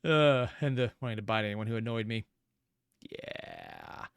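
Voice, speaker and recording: A woman's voice: extremely low pitch, huge pitch swings, unhurried, creaky, clean tone, no room sound. A woman hosting a reaction video, making self-deprecating jokes in casual commentary. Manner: self-deprecating, joking asides. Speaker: reaction host.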